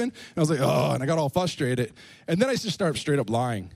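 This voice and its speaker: A man's voice: fairly high pitch, sing-song, brisk, vocal fry, darkish tone, dry recording. A young adult man preaching in a church, telling jokey stories in a playful way. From Canada. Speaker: pastor. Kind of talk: lively sermon with humor.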